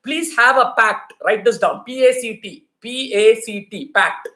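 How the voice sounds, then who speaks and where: A man's voice: very high voice, a little slow, bright, forceful tone, echoey room. A man giving a live online talk as a parenting coach, emphatic and repeating his key points to the audience. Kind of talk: live online talk answering viewer questions.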